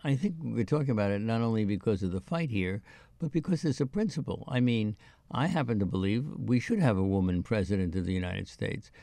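A man's voice: on the low side, lively intonation, brisk, gravelly, mellow, no echo. A man on a discussion panel who speaks earnestly and cuts in to make his points.

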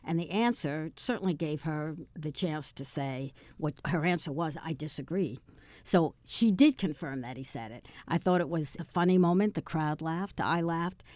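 A woman's voice: low voice, moderate pace, darkish tone, dry recording. Firm-minded woman on a panel. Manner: assured, argues her view firmly. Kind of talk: panel discussion.

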